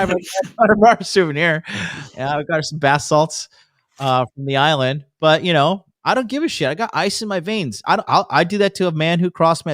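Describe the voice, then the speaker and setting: A man's voice: on the high side, dry recording, studio quality. A man guesting on a podcast who tells stories in a brash, boastful way and swears constantly. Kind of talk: casual storytelling.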